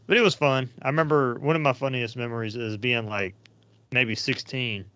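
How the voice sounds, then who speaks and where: A man's voice: mid-range voice, fairly even intonation, normal speed, a bit bright, clean tone. Rambling man, lo-fi. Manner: rambling and anecdotal, with frequent fillers. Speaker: podcast host. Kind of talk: casual storytelling chat. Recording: dull lo-fi sound, dry.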